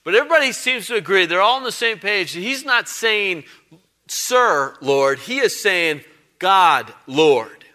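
A man's voice: sits high, animated, fairly quick, few pauses, pushed and bright. A male pastor giving a conversational sermon, emphatic and given to repeating phrases for weight.

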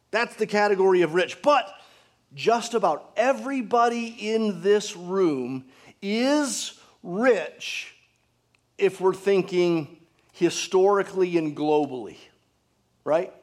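A pastor preaching a sermon to his congregation, earnest, asking rhetorical questions and dropping to a hushed tone for emphasis. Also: sits high.

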